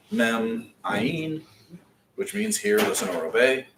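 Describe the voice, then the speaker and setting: A man's voice: mid-range voice, lively intonation, takes it slowly, background noise. A man teaching a beginners' language class in a classroom, patiently coaching pronunciation. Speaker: Hebrew teacher. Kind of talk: classroom lesson.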